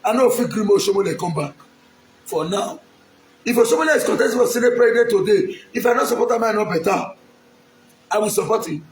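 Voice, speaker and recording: A man's voice: high-pitched, quick pace, roomy sound, a little hiss or hum. A man from Edo State, Nigeria, with a Nigerian accent, making an emphatic, pleading public appeal straight to the camera and repeating his lines. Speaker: aspiring local politician.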